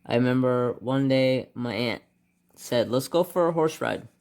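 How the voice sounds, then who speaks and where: A man sits coloring and chatting casually, wandering between his choice of colors and a long story from his childhood. He mutters quietly while deciding and grows animated and louder as the story picks up, his voice sitting in an ordinary middle pitch. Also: unhurried. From United States. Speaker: craft channel host.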